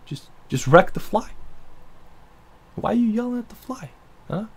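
Man with a high voice, profane sarcastic story-time ranter. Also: expressive, a little slow, breathy edge.

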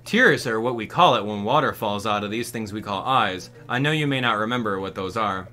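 A man's voice: on the low side, lively intonation, a little fast, pushed and bright, soft background music. A man voicing a boastful young bat girl. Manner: boastful, teasing.

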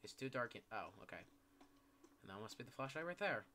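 A man's voice: mid-range voice, very animated, fairly quick, sharp tone, slight background noise. A young man chatting casually while playing a game, rambling with lots of "yeah" and "like" fillers. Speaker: gameplay commentator. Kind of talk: casual gaming chat.

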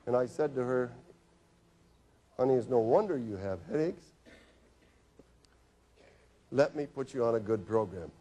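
A man's voice: mid-range voice, expressive, measured pace, long pauses, warm tone. Man telling doctor's office stories. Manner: anecdotal, acts out patients' and his own lines with humor. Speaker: physician giving a health talk. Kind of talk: storytelling health lecture.

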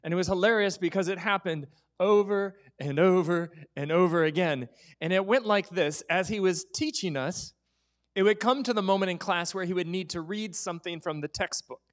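A man's voice: high voice, moderate pace. A man preaching a sermon as pastor in a church, telling stories and dropping to whispers for effect. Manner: storytelling, acts out quoted voices, drops to whispers.

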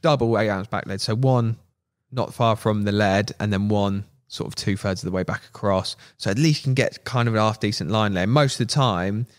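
Man, podcast guest, low voice, animated storytelling. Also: a little fast. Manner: animated, laughing, acts out quotes. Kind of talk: casual storytelling.

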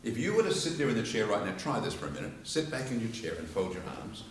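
An Australian man teaching public speaking to a live audience, telling stories and acting out quotes in an animated way. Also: on the low side, fast, a little hiss or hum. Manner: animated storyteller, acts out quotes and laughs along. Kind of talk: informal lecture with demonstrations. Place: church hall with live audience. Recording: echoey hall from far off.

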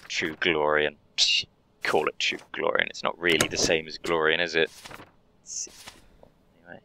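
A man's voice: extremely low pitch, little pitch movement, moderate pace, long pauses, noisy background. A young man role-playing a polite, overly cheery border inspector while playing a game, chatting and muttering asides. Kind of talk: role-play let's play commentary.

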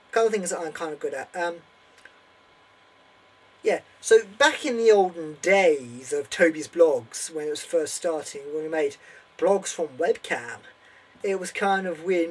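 A man's voice: a little high, husky, rough recording. A young man chatting casually to camera as a vlogger, in a rambling, hesitant way. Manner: rambling, hesitant, lots of fillers.

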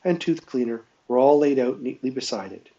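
A man's voice: mid-range voice, fairly quick, far from the mic. Man reading a novel aloud, lo-fi. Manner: steady storytelling with small self-corrections. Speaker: reader.

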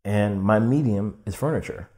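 A young man telling his story as a podcast guest, casual and animated, swearing and acting out quoted lines with lots of "like". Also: on the low side, moderate pace. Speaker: podcast guest, furniture designer.

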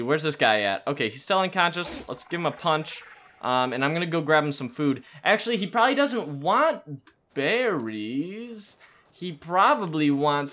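A young man giving excitable let's-play commentary, swinging between low mutters and panicked shouts. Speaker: gaming YouTuber.

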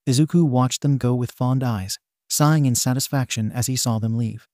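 A man reading a fanfiction story as scripted narration in a steady, even way. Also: medium pitch, normal speed, no room sound, studio quality.

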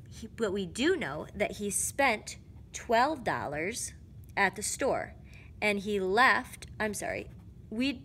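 A woman's voice: mid-range voice, fairly bright tone, slight background noise. Chatty woman explaining math problems. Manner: chatty, self-correcting, thinking aloud. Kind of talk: casual lesson walkthrough.

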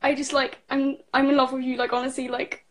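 A woman's voice: high voice, little pitch movement, brisk. A woman fan on a video call, starstruck and gushing. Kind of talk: excited fan chat.

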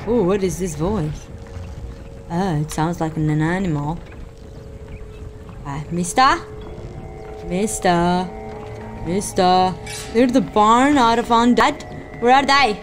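A woman giving let's-play commentary on a horror game, jumpy and excitable, often gasping and exclaiming. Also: fairly low pitch, slow, pauses often. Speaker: gaming streamer. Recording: game audio and music mixed in.

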